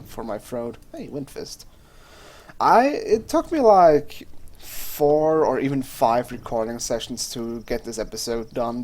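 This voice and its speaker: A man's voice: medium pitch, a little mellow, slight background noise. A young man chatting casually over his gameplay as a let's play host, rambling, swearing freely and often trailing off mid-sentence. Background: faint game music.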